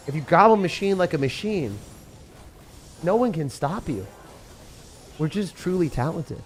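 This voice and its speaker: A young man commentating his own gameplay as a streamer, excitable and sarcastic, mocking what he complains about. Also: high voice, moderate pace, pauses often. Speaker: game streamer. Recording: faint music behind.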